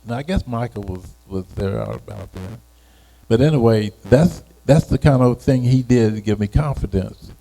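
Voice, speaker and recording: A man in his eighties, a retired educator, telling a personal story in an unhurried, halting way, often repeating words. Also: medium pitch, warm tone, low-quality recording. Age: 80s. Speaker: retired educator being interviewed.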